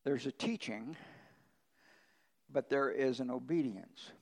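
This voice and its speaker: A man's voice: mid-range voice, slow, rough recording. A male pastor preaching a conversational sermon, telling folksy ranch stories with emphatic swings in his voice.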